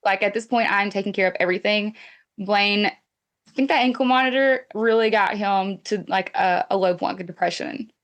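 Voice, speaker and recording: A woman's voice: mid-range voice, normal speed. A woman guest in a casual interview, talking frankly and emphatically with many fillers of "like".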